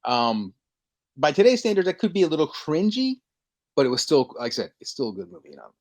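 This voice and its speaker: A man co-hosting a casual podcast, telling stories with lively energy and acting out lines in quick bursts. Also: a little high. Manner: animated storytelling, acting out movie lines. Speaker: podcast co-host. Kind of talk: casual chat.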